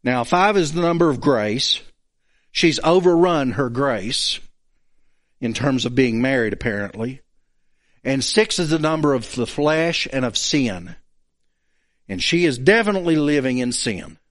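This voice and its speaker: A man's voice: medium pitch, measured pace. A man preaching a sermon, acting out the quoted speakers as he goes. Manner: animated, acts out the quoted speakers.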